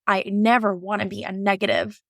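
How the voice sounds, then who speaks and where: A woman shares a hard personal story with raw candor, rambling and restarting as feelings surface. Her voice carries a gravelly fry. The sound is close and dry, with no room around it. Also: mid-range voice, brisk, no room sound. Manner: emotional, frank, rambling with restarts; slips into animated voices when quoting herself. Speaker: podcast guest, labor and delivery nurse.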